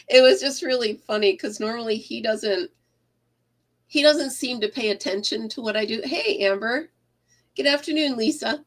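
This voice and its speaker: Slow, chatty woman crocheting live. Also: a little high, fairly bright tone. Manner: rambling, chatty, greets viewers by name, laughs often. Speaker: crochet livestream host. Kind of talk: casual livestream chat while crocheting. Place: craft room at home.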